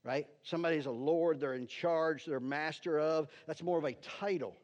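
A man with a fairly high voice gives a teaching sermon as pastor, talking casually and often asking "right?" to check that people follow. The recording is dull and lo-fi. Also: moderate pace. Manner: conversational, keeps asking "right?"; talks to the slide operator between points. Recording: dull lo-fi sound.

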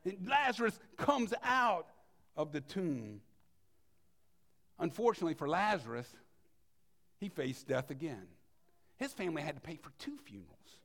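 A man with a high voice and a gravelly edge, preaching a sermon. He is animated and acts out the voices of the figures in the story he tells. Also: normal speed, long pauses. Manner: animated, voices the quoted speakers.

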